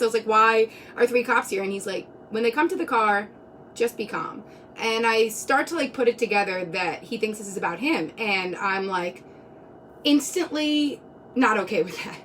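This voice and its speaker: A woman's voice: on the high side, normal speed, fairly bright tone, far from the mic, slight background noise. A woman in her twenties telling a personal story casually on a live stream, rambling with many fillers. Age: 20s. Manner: rambling, many "like"s, laughs between lines. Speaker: vlogger.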